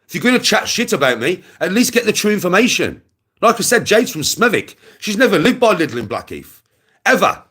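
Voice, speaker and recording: A man's voice: high voice, big pitch swings, brisk, bright, forceful tone, husky. A young man ranting aggressively to his livestream viewers, swearing and repeating himself. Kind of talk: angry rant to camera.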